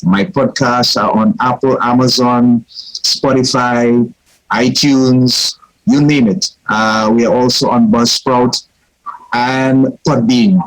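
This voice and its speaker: A man with a Caribbean accent, a podcast guest slowly listing where to find him online. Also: medium pitch, low-quality recording. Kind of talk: casual interview chat.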